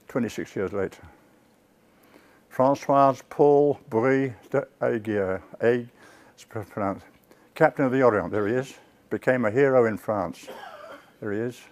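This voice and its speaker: A man lecturing on history before a live audience, at a mid-range pitch. He tells the tale like a story, turns to the listeners with asides, and stops to correct himself mid-word. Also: a little slow, pauses often, a little mellow. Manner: self-corrects and restarts words.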